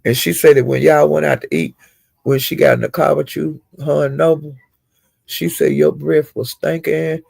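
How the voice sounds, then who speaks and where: A man giving a casual, rambling gossip recap of livestreams, with animated retelling and frequent asides. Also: fairly high pitch, moderate pace, creaky, husky, no room sound.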